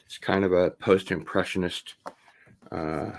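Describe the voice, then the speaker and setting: Low raspy-fry guy unboxing stuff, talks real slow, rambly and chill. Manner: relaxed, rambling, enthusiastic about records. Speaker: host. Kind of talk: casual unboxing chat.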